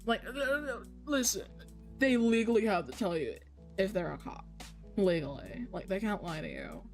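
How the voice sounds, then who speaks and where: A woman co-hosting a podcast in casual chat, swearing freely, laughing often and mocking people in quick put-on quotes. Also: medium pitch, sing-song, darkish tone, soft background music. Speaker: podcast co-host.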